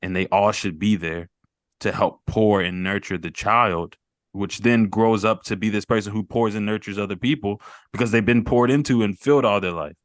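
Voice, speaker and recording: Deep-voiced guy hosting a group video call, earnest and rambly, dry close sound. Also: normal speed, no echo. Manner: earnest, rambling, repeats words, laughs off tears. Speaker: host of a mental health group call.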